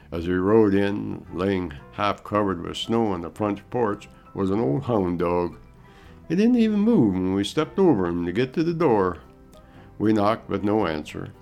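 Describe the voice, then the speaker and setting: A man's voice: on the low side, very animated, gravelly, a little mellow, soft background music. A man narrating a story in an easy, folksy manner. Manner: folksy, unhurried.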